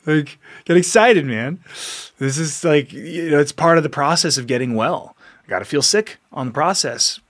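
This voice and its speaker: A man's voice: on the high side, expressive, moderate pace, fairly bright tone. Earnest man exhorting his listeners. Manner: earnest, exhorting, repeats himself, laughs often. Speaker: podcast host. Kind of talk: impassioned motivational monologue.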